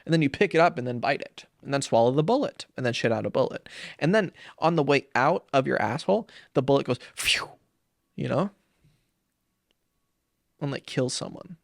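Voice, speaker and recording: A man's voice: mid-range voice, lively intonation, normal speed, gravelly, no echo, studio quality. A young man, hosting a crude, rambling comedy podcast, filled with ums, who slips into silly voices for jokes. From Saint Paul, Minnesota. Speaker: podcast host. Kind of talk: comedic solo podcast rant.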